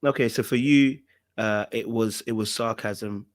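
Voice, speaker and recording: A man hosting a podcast interview, asking pointed questions and restating the answers to make them clear. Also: lowish voice, fairly even intonation, a little slow. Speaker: podcast host.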